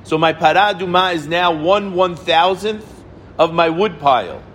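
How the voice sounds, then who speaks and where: A middle-aged man giving an informal Torah lesson, animated, repeating words for emphasis and answering his own questions. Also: a little high, moderate pace, slight background noise. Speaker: rabbi teaching the weekly Torah portion.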